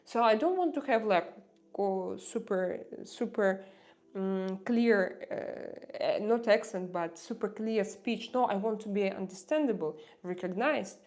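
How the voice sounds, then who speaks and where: A woman with a Russian accent, a non-native English speaker, chatting casually with viewers on her livestream, often pausing and restarting as she searches for words. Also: medium pitch, a little mellow. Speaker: livestream host.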